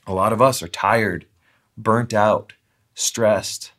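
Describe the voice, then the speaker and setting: A pastor gives a heartfelt sermon, pausing and restarting as he searches for words. His voice sits a little low for a man. When he reads scripture, he slows down and lingers over each phrase. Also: steady tone, fairly bright tone. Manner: earnest, halting with restarts, slows down for scripture reading.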